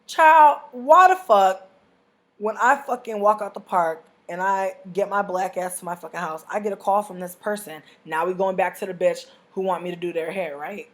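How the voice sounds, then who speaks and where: A young woman telling a story to camera as a vlogger, brash and profane, with big animated swings in her delivery. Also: mid-range voice, moderate pace. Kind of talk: casual storytime rant.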